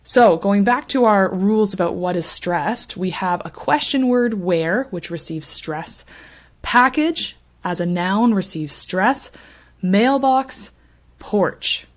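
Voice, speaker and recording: A woman teaching an English pronunciation lesson, speaking clearly and deliberately, with strong emphasis on the words she models. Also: medium pitch, expressive.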